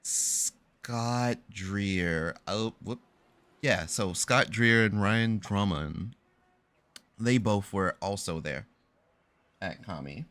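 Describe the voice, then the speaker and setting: Slow, low-voiced young male streamer. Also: a bit bright. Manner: rambling, self-correcting, slangy storytelling. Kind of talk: casual live-stream chat.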